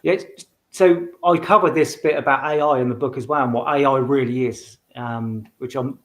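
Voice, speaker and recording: A man's voice: medium pitch, steady tone, moderate pace, a bit bright. A man talking as a guest in a casual interview, rambling with frequent restarts and fillers. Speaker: guest, medium and author. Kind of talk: casual conversation.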